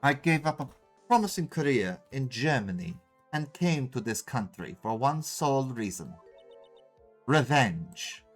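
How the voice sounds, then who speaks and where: A man's voice: mid-range voice, sing-song, a little slow, few pauses, a bit bright, faint music behind. A man putting on a haughty German-accented young prosecutor woman. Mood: haughty menacing. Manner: put-on German accent, admittedly weak; cold, threatening. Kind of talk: game voice-over let's play.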